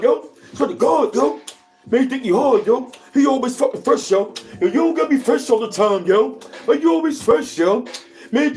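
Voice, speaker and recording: A man's voice: very high-pitched, voice pushed up. A man voicing a jealous, hotheaded young man who curses and mocks in an agitated way. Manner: agitated, cursing, mocking.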